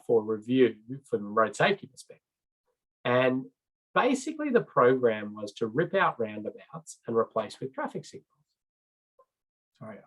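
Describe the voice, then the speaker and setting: A middle-aged man giving an informal training presentation as a road safety trainer, chatty and rambling, with many fillers and restarts. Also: mid-range voice. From Australia. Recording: slightly dull lo-fi recording.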